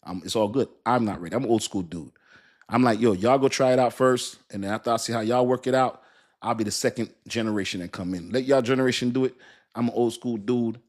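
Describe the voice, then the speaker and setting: A middle-aged man chatting casually on a livestream, animated, laughing often and cursing as he mocks a commenter. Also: medium pitch, quick pace. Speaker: crypto livestream host.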